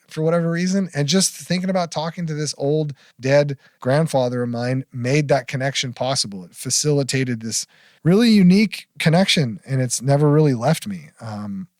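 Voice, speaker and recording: A middle-aged man speaking as a podcast guest, telling his story frankly and with blunt swearing. His voice sits in a middle pitch and sometimes sinks to a near-whisper. The sound is dry and close, with no room echo. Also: normal speed, a little mellow. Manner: frank, profane, drops to near-whisper at heavy moments. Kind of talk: candid storytelling interview.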